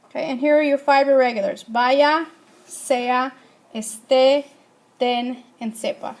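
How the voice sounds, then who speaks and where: A woman teaching a Spanish grammar lesson, asking her class questions and answering them herself. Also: sits high.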